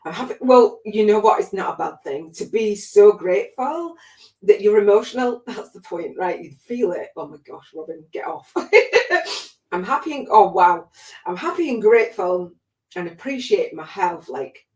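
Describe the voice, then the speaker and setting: A woman's voice: medium pitch, expressive, normal speed, darkish tone. Teary, gushing woman coach in an echoey room. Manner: gushing, laughs often, gets teary. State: close to tears. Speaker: spiritual life coach and podcast host. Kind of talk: emotional motivational livestream talk.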